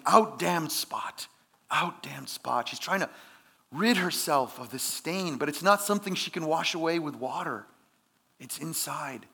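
A man's voice: a little high, fairly bright tone. A man preaching a sermon in an earnest, conversational way, with emphatic rises. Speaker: pastor.

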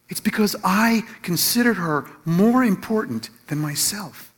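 A man with a notably high voice preaches through a personal story, full of restarts and little laughs. He acts out the quotes as he goes, then drops into a softer, slower voice for his points. Middle-aged and addressing his listeners directly. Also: lively intonation, breathy edge. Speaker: Christian teacher or pastor.

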